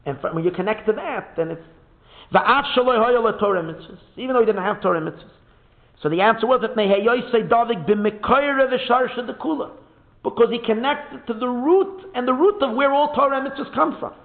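A man giving a Hasidic Torah lecture, animated and repeating words as he searches for them, mixing in Hebrew phrases. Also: extremely high pitch, a little fast, vocal fry. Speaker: rabbi teaching a Torah class. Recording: phone-like narrow sound.

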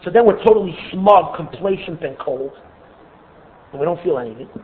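A man teaching a Torah class in an earnest, expressive way, often repeating words as he restarts. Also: fairly high pitch, moderate pace, a little hiss or hum. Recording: tinny phone-like recording.

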